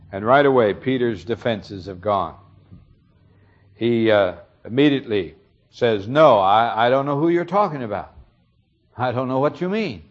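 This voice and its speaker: A man's voice: mid-range voice, muffled recording. A man preaching a sermon, retelling a story earnestly and explaining it, his emphasis rising on key moments.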